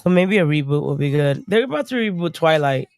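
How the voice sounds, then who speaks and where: A deep-voiced young woman speaks briskly as a stream guest in a casual chat, and no room sound is audible. She's blunt, she swears, and she tells her stories animatedly, all while getting over a cold.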